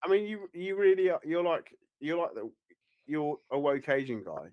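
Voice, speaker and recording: A man's voice: fairly high pitch, very animated, moderate pace, dull audio. A man co-hosting a podcast in casual chat, rambling and teasing, often laughing. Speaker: podcast co-host.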